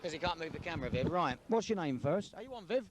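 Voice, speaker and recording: A man interviewing people for jokes, jovial and quick to laugh. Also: a little high, big pitch swings, noisy background. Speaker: street interviewer collecting jokes. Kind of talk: vox-pop banter.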